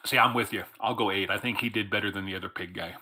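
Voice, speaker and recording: A man's voice: on the low side, steady tone, quick pace, bright, forceful tone, breathy edge. A man co-hosting a casual live stream, reading out donations and chatting with stumbling restarts. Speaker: co-host.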